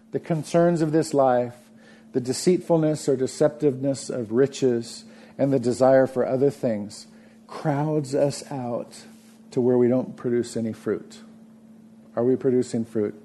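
A man preaching a sermon, earnest, often dropping to a soft murmur for emphasis. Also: medium pitch, a little hiss or hum. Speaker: pastor.

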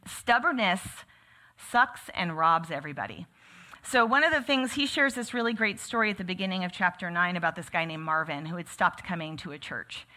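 A woman's voice: on the low side, lively intonation, fairly quick, sharp tone. A woman teaching a church group in a casual, sermon-like way, speaking conversationally and often saying "like" and "right?". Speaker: church teacher leading a book study.

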